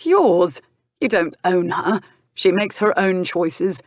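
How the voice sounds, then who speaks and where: A steady older gentleman speaks firmly and with measured control, sometimes with a dry mocking edge. A woman reads him in a low voice. The recording is close and dry. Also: no echo. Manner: firm, measured, dryly mocking. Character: older uncle and guardian, firm, steady boxer. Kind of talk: audiobook character voice.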